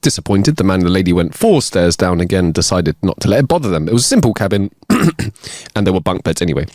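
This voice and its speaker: A man's voice: deep voice, big pitch swings, fast, darkish tone, dry recording, clean studio sound. A man from Ireland co-hosting a podcast, telling jokes and laughing in casual chat. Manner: laughing, joking. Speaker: podcast co-host.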